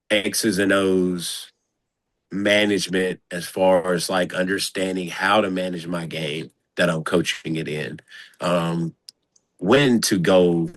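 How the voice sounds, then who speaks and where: A man, a basketball coach, talking casually in an interview in an animated, slangy way with lots of repeated phrases. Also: deep voice, no room sound.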